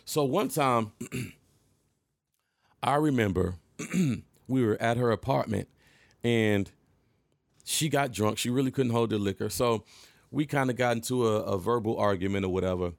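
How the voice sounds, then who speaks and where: A middle-aged man from Michigan telling a personal story in a casual monologue, animated and emphatic, acting out the scenes. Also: medium pitch, a little slow, vocal fry, long pauses, no echo.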